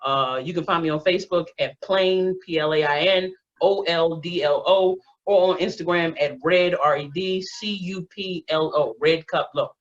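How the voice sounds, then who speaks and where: A woman doing a stand-up set, telling a profane, animated story. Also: fairly low pitch, moderate pace, hardly any pauses. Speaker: stand-up comedian. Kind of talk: stand-up set on a video call. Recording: dull lo-fi online audio.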